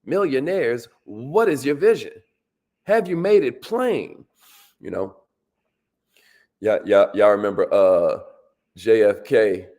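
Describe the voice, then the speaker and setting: A man giving a motivational workshop talk with plenty of energy. He repeats key lines for emphasis and keeps calling out to his listeners for answers. His voice sits at a middling pitch, and his delivery is casual and loose. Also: expressive, slow, pauses often, a little mellow. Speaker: motivational speaker.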